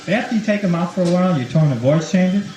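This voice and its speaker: High, lively male stand-up comic. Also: a little hiss or hum. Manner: animated, acts out quick voices in jokes. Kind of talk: stand-up comedy set. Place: comedy club stage, 1983. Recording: echoey live club tape from a distance. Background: audience laughter.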